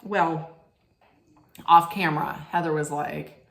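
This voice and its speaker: A woman's voice: low-pitched, steady tone, slow, creaky, a bit bright. A woman giving a rambling, blunt casual rant as a reality TV recap vlogger, swearing freely. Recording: roomy echo.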